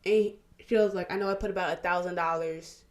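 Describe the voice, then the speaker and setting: Lively young woman chatting while doing makeup. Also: lowish voice, reverberant. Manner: animated, laughing storyteller, drawn-out exclamations. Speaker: podcast host. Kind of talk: casual get-ready-with-me chat.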